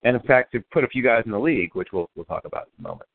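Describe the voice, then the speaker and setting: A man's voice: medium pitch, lively intonation, rapid-fire. A male radio host interviewing football prospects, asking long, winding questions that restart often. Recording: phone-line call.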